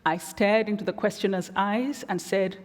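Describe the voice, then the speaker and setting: Woman telling stories at a lecture, calm and measured, bit wry, big hall echo. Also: medium pitch, background noise. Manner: measured, reflective, wry asides. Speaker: guest lecturer. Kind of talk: storytelling lecture. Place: large theatre. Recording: long theatre reverb.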